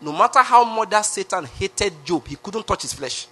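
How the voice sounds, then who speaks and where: A Nigerian-accented pastor preaching a sermon with emphatic repetition, often asking the congregation questions. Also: male voice, high-pitched, lively intonation, moderate pace, sharp tone. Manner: emphatic, repeats phrases, asks the crowd questions.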